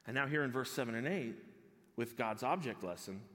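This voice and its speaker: A male pastor preaching an expository sermon, swinging between loud exclamations and hushed, intimate tones. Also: mid-range voice, expressive, a little fast. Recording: long hall reverb.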